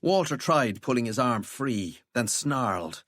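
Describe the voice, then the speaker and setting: A man narrating a fantasy audiobook with lively, expressive pitch. The reading is scripted and close, with a dry sound and no room echo. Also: measured pace. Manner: expressive storytelling.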